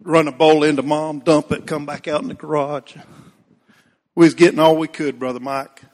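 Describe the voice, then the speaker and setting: A man's voice: on the high side, level tone, moderate pace, a little mellow, long reverb tail. A man preaching a folksy storytelling sermon, calling out congregation members by name. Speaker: Baptist pastor.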